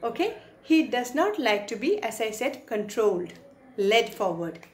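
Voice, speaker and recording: A woman's voice: a little high, sing-song, measured pace. A woman teacher with an Indian English accent, reading a poem to a class and explaining its words, sometimes acting out short quotes. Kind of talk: English poetry lesson.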